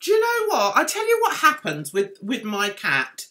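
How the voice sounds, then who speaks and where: A woman chats to her livestream viewers, playful and quick to laugh at her own jokes. Her voice is bright and sits a bit high, and her pitch jumps around a lot as she talks. Faint music plays in the background. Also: huge pitch swings. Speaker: livestream host. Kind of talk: casual livestream chat.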